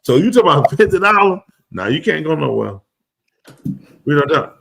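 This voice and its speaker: A man's voice: on the high side, sing-song, a little fast, creaky, a bit bright. A man hosting a live comedy show, riffing loosely and acting out both sides of a conversation in slang for the audience. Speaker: comedic talk show host.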